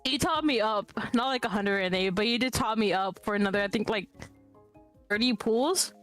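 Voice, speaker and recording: A young woman streamer telling a long rambling story in casual chat, animated and laughing often. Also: mid-range voice, normal speed, faint music behind.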